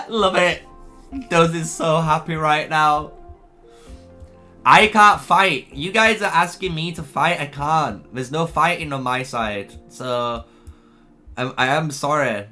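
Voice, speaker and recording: A man's voice: fairly high pitch, takes it slowly, pauses often, sharp tone. A man commentating live on a strategy game for his stream, chatty and laughing often as he talks to his chat. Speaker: gaming streamer. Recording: faint music behind.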